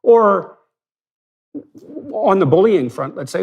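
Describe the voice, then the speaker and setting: A man's voice: sits high, animated, moderate pace, creaky, a little mellow. A man explaining ideas in an analytical, lecturing way, blunt and emphatic, building his points through hypothetical examples. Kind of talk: analytical lecture-style conversation.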